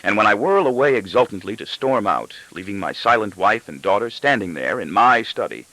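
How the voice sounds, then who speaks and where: Lively low-voiced man reading a novel. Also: fairly quick, no room sound, rough recording. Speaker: audiobook narrator. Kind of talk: scripted first-person narration.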